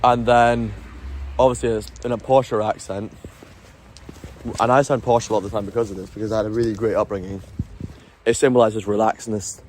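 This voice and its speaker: A man's voice: lowish voice, steady tone, fairly quick, pauses often, darkish tone, a little hiss or hum. A man talking casually to camera as a travel vlogger on a city street at night, rambling and explaining with lots of restarts.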